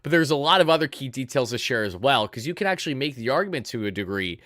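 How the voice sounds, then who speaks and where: A man's voice: medium pitch, animated, fast, a bit bright, no echo, clean studio sound. A man in his twenties hosting a casual sports livestream, earnest and emotional as he reads out viewer donations. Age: 20s. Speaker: livestream host.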